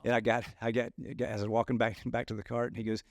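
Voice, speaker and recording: A man co-hosting a podcast, telling a story in a halting way, repeating words and laughing as he goes. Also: medium pitch, level tone, no echo. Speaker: podcast co-host. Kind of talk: casual storytelling chat.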